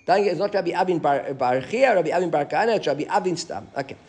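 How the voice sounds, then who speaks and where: A man with a fairly high, rapid-fire voice teaches a live Talmud class. He reads Aramaic passages and explains them in English, adding animated asides.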